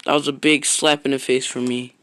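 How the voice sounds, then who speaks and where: A man's voice: mid-range voice, level tone, brisk, fairly bright tone, no room sound, poor audio. A man streaming a block-building game, chatting casually in a rambling, slangy way that often trails off into a mutter. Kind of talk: casual live-stream chat. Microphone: own streaming mic.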